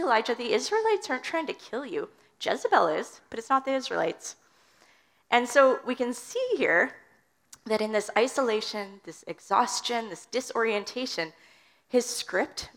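A woman's voice: mid-range voice, animated, moderate pace, vocal fry, a bit bright. A woman preaching a sermon in an earnest teaching manner, reading scripture aloud.

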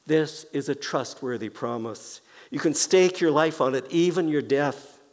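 A man preaching a sermon as pastor, speaking slowly and deliberately and softly repeating key phrases. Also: a little high. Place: church sanctuary. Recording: long reverb of a church hall.

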